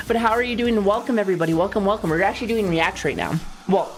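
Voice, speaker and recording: A woman's voice: mid-range voice, sing-song, quick pace, faint music behind. A young adult woman chatting casually on a livestream, playful and joking, swearing and greeting viewers. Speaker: streamer.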